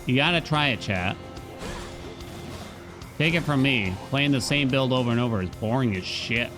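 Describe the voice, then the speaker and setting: A man's voice: medium pitch, animated, normal speed, over music. A man casually commenting on his gameplay as a streamer, chatting to viewers and humming along. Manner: laid-back, chatty, addresses chat, hums along. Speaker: game streamer.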